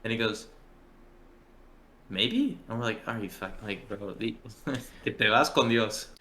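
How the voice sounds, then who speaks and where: A man's voice: fairly low pitch, fairly even intonation, normal speed, pushed and bright. Rambling young man telling a story. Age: early 20s. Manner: rambling, profane, acts out quotes. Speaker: podcast co-host. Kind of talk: casual storytelling chat.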